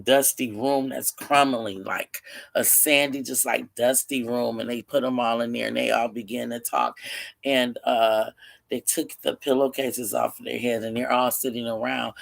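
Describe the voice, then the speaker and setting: A man tells a story in a loose, casual way, with lots of fillers and restarts. His voice sits in an ordinary middle pitch and carries a gravelly edge. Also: low-quality recording. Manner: rambling, full of fillers and restarts.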